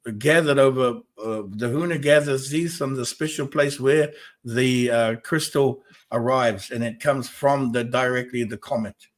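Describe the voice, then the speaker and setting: A man's voice: mid-range voice, unhurried. A man hosting a spiritual talk show, speaking emphatically and repetitively and arguing with his viewers. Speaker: host.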